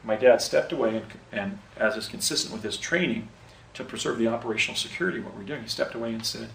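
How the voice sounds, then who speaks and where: Speaking quickly in a lowish, creaky voice with a fairly bright tone, a man rambles through a personal story outdoors, repeatedly correcting himself and restarting. It's an unscripted first-person account recorded on location by a distant mic, with roomy echo, faint ambience and slight background noise.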